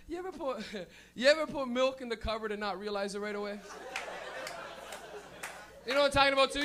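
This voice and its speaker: High-voiced young Canadian stand-up, bright. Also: male voice. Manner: loud, rambling, laughing at own jokes. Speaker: stand-up comedian. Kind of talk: stand-up set. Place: comedy club, live audience.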